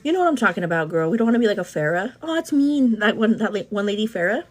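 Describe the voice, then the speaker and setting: Husky, lively-voiced woman chatting to viewers. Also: medium pitch, very fast, soft background music. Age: 30s. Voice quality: energetic, hyperactive delivery. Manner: chatty, calls viewers "girl", answers comments. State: a bit out of breath. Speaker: beauty livestream host. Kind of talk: casual livestream chat.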